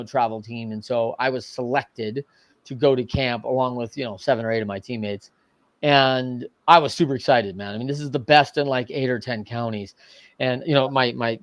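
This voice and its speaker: A middle-aged man telling a story as a podcast guest, animated and casual, often adding "man" and "right". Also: medium pitch, no room sound. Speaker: podcast guest, coach and entrepreneur. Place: podcast studio.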